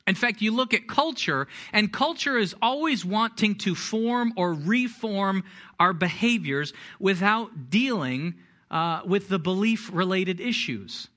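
A middle-aged male pastor delivers a sermon in a high, bright voice that swings widely in pitch. He tells stories with self-deprecating humor and lively energy, then moves into teaching. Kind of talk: sermon with personal story.

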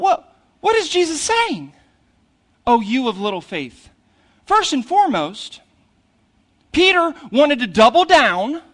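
A male pastor preaching a sermon in a conversational way, often checking in with "right?" and moving between loud, animated points and hushed retelling. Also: extremely high pitch. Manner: conversational, asks "right?" after most points.

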